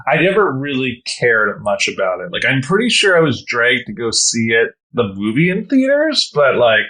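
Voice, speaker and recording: A man's voice: medium pitch, sing-song, moderate pace, pushed and bright. A young man co-hosting a podcast, telling stories in casual chat full of "like" and fillers. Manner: filler-heavy storytelling, lots of "like". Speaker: podcast co-host.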